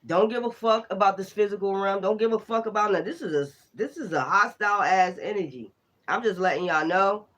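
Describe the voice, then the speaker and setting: Animated, laughing, profane tarot reader. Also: medium pitch, fairly quick. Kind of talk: casual spiritual reading.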